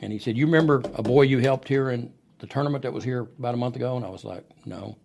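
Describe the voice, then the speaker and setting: A man's voice: mid-range voice, quick pace, gravelly. A middle-aged man, a podcast guest telling wrestling stories and acting out the voices of the people in them. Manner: animated storyteller who acts out quoted voices. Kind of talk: storytelling interview. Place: podcast studio.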